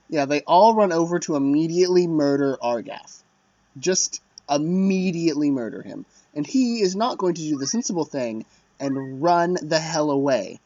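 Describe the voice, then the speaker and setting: A man's voice: fairly high pitch, darkish tone, dry recording. A man casually commenting on a strategy game as he plays, chatty and self-deprecating, often muttering under his breath. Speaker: let's play commentator. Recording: dull lo-fi dry mic.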